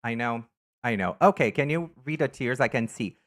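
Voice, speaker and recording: A man chatting casually on a live stream, camp and animated, greeting viewers by name while he ranks things. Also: mid-range voice, normal speed. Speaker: live streamer reading chat. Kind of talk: casual live-stream chat ranking items.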